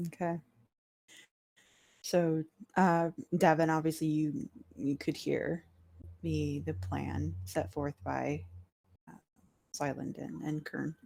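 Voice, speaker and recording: Slow, gravelly woman running a tabletop game. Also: low-pitched. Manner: relaxed, laughs easily, filler words. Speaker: dungeon master.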